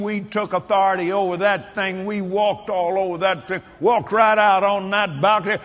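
A man preaching a sermon, telling a story in an animated way that bursts into shouts and laughter. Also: sits high, moderate pace, hardly any pauses, big-room sound.

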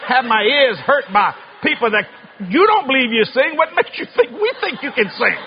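A man preaching a sermon, telling funny stories with loud, animated bursts of shouting. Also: very high-pitched, moderate pace, muffled recording, slight background noise. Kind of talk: sermon with comic storytelling.

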